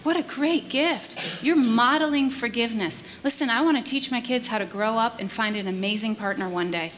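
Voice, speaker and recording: A woman shares practical points from the stage in a lively, emphatic way. Her voice is fairly high, and a clear background hum runs under it. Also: normal speed. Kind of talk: sermon. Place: church sanctuary.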